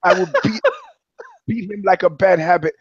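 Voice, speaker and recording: A man's voice: sits high, husky, dry recording, dull audio. A man putting on a mock French Canadian accent to play a cocky male fighter trading boasts. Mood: boastful. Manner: boastful, halting, comic smack talk.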